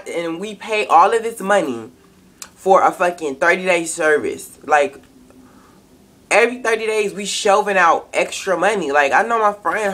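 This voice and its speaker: A woman's voice: mid-range voice, fairly bright tone. A young woman, ranting angrily and profanely in a casual webcam vlog. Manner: angry, profane, emphatic ranting. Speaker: vlogger.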